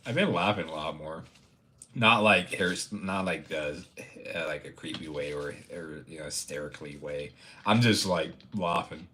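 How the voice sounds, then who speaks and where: A man's voice: a bass voice, moderate pace, pushed and bright, a little hiss or hum. A young man chatting casually on a livestream. He rambles, stammers through restarts and laughs often. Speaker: streamer.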